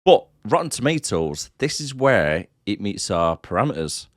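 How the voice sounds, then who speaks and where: Teasing British podcast host. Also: male voice, fairly low pitch, big pitch swings, normal speed, no echo, clean studio sound. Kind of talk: casual podcast chat. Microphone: headset.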